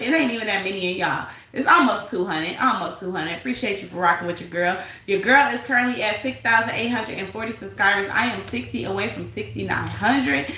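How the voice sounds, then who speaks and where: A woman hosts a live stream, reading out the chat and gossiping with sass and frequent laughter. Her voice sits a little high and sounds bright and sharp. The room around her is echoey. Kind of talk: casual live chat commentary.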